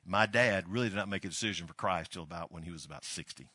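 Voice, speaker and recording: An older male pastor from Alabama tells family stories in a folksy sermon, his fairly low voice carrying a bright, forceful edge. The sound is close and dry, with no room around it. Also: fast talker, breathy edge, dry recording. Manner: folksy, animated storyteller. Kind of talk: storytelling sermon.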